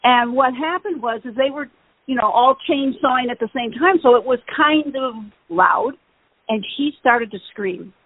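Husky-voiced woman telling a lively story. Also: high-pitched, normal speed, no echo. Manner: animated, laughing, acts out voices in her stories. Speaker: podcast co-host. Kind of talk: casual storytelling chat. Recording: phone-like, narrow band.

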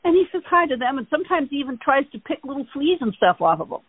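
Host, woman, higher voice, rambling storyteller, dry phone-like sound. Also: sing-song, racing, no room sound. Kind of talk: casual chat. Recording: tinny phone-like line.

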